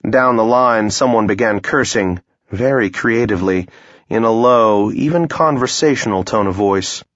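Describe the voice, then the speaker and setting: A man's voice: lowish voice, normal speed, a bit bright, dry recording. A man narrating a first-person fantasy audiobook in a wry, understated way, recorded with a dull, dry sound.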